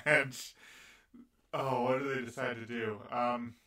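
A man's voice: medium pitch, little pitch movement, a little slow, bright, forceful tone. A man co-hosting a casual chat, chiming in with short remarks. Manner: short backchannel interjections. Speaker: podcast co-host. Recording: roomy echo, far from mic.

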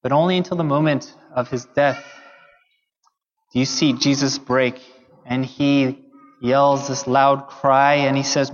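A man's voice: mid-range voice, steady tone, a little slow. A man preaching a sermon to his congregation, earnest and conversational, with occasional fillers. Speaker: pastor. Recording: dull sound in a long-echo hall.

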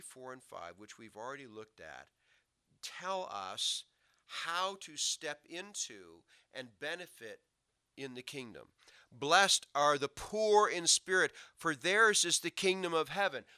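Male pastor, very bright tone, slightly high; loud emphasis, then low asides. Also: smooth, no echo. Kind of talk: sermon.

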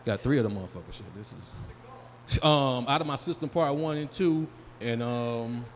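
A man's voice: medium pitch, normal speed. A man in his forties doing live stand-up comedy in a small venue, bantering loosely and profanely with the crowd. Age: 40s. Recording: live room with long reverb, faint noise.

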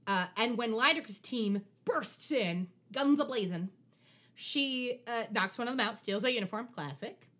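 A young adult woman with a somewhat high voice hosts a casual podcast chat. She recaps a TV episode in a wry, animated way, her pitch leaping around as she talks. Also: moderate pace. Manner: animated, wry, acts out lines from the show. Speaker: podcast co-host.

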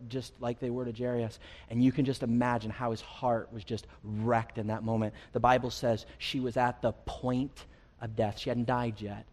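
Earnest pastor preaching in a reverberant church. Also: male voice, medium pitch, a little mellow. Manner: earnest, building intensity with repeated phrases. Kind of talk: sermon. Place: church sanctuary. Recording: long hall reverb.

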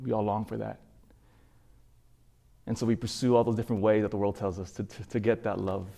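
A man giving an emotional sermon testimony, pleading, with halting repetitions as he tells his story. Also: on the low side, little pitch movement, gravelly, warm tone.

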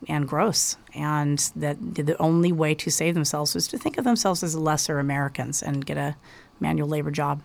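A guest author talks earnestly and passionately in a casual interview. The voice sits at a middle pitch and often restarts its phrases. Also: fairly even intonation, normal speed, vocal fry.

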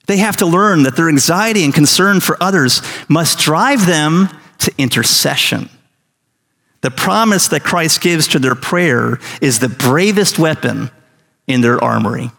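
A middle-aged man preaching a sermon in a slightly high, gravelly voice. He presses his listeners with earnest questions and acts out little everyday scenes. The sound carries a long hall reverb. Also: lively intonation, measured pace, a bit bright. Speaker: pastor.

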